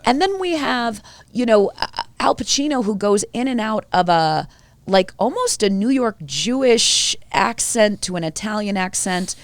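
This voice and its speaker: A woman co-hosting a podcast, giving strong, animated opinions in a casual film review chat. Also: medium pitch, measured pace, dry recording. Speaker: podcast co-host.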